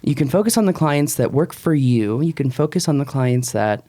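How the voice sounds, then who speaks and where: Emphatic man giving lively advice. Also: a little high, moderate pace. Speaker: podcast co-host. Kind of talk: casual podcast chat.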